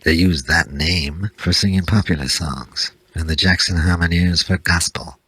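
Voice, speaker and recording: A man's voice: low voice, moderate pace, sharp tone, breathy edge, no room sound. A man hosting a radio music show, introducing records in a laconic, dry-witted scripted patter.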